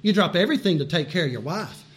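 A male pastor preaching a sermon in a high, bright-toned voice. He talks animatedly, laughs along with his own points, then drops to a hushed intensity, repeating phrases to drive them home. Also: animated, fast, slight background noise.

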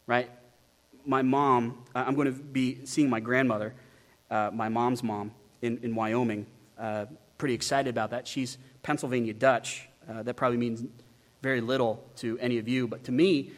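A man preaching an expository sermon, emphatic and animated, asking the listeners many rhetorical questions. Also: medium pitch. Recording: long hall reverb.

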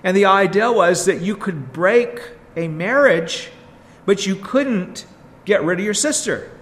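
A man preaching a sermon, slow and earnest, stressing points with rhetorical questions. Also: sits high, animated, fairly bright tone. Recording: long hall reverb.

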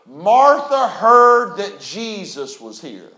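A very high-voiced man preaching with folksy emphasis. His voice swells into shouts and rings through an echoey church room. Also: sing-song, takes it slowly. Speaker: pastor. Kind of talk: sermon.

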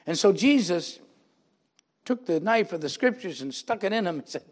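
An older pastor, high-pitched and expressive at a normal speed, gives a sermon drawn from his own testimony, acting out quoted people and rising into emphatic preaching.

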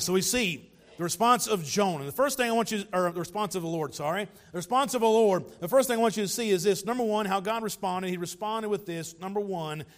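High-voiced pastor preaching. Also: male voice. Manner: earnest preaching with asides and light laughs. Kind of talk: sermon.

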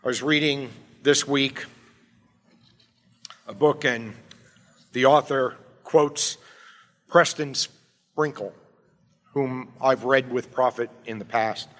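A man preaching a sermon as pastor, emphatic, swinging between quiet, low passages and loud, urgent appeals. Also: steady tone, takes it slowly, pauses often. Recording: long hall reverb.

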